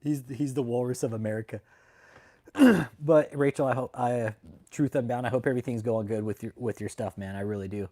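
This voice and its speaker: A man's voice: mid-range voice, brisk, warm tone. A man hosting a casual livestream, talking to his chat in a profane, mocking way and laughing often. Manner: greets chat viewers by name. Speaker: livestream host.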